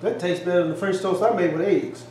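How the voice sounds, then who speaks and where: Excitable man, echoey kitchen. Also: high voice, fast talker, slight background noise. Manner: excitable, exclaiming, folksy. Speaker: cooking channel co-host. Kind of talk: casual taste-test chat. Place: home kitchen. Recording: echoey kitchen, faint ambience.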